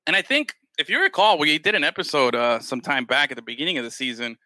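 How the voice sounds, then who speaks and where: A man with a strikingly bright, forceful voice talks casually on a podcast over a remote call. He rambles, restarts his sentences and keeps tossing in "man". The sound is dry, with a slightly high pitch. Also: expressive, quick pace, no room sound. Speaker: podcast co-host. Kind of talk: casual chat. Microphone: remote call with mute button.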